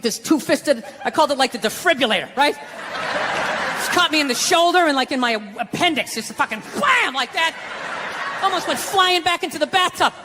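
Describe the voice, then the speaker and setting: On a comedy stage in front of a live audience, a middle-aged comic with a very high voice tells a story as a profane, exasperated rant, tossing in "right?" again and again. Hall reverb, audience laughter, and a noisy background fill the recording.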